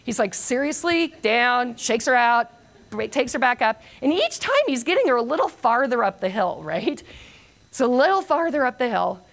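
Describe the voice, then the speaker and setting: An older woman giving a motivational conference talk, telling a long anecdote with self-mocking humor and lively storytelling. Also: a little high, moderate pace. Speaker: keynote speaker.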